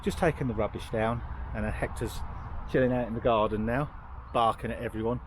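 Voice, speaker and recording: A man's voice: medium pitch, fairly even intonation, brisk, a little hiss or hum. A middle-aged man bantering cheekily in a casual vlog. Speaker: vlogger. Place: outdoors by a narrowboat.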